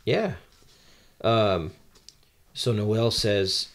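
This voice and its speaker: Speaking at a measured pace in a lowish voice, a man co-hosting a podcast walks casually through a manga chapter. He reads out character quotes in a lightly performed way, with many ums and uhs along the way.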